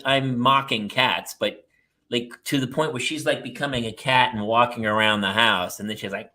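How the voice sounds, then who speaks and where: A man hosting a casual comedy chat, talking in an animated, jokey way. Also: medium pitch. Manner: animated, jokey, jumps into silly voices. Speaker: host.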